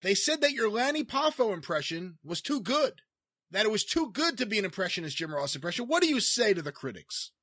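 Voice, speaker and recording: A man hosting a comedy podcast, asking playful deadpan questions. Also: sits high, fairly quick, dry recording, studio quality. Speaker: podcast host.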